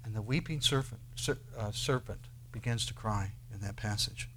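A man preaching a sermon, who swings between loud declarations and quiet asides and asks his listeners many rhetorical questions. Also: fairly low pitch, moderate pace, slight background noise. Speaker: pastor.

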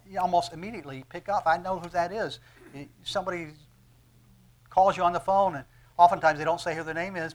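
A man preaching a sermon, swinging between soft, low asides and loud, emphatic peaks, with frequent restarts. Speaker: pastor.

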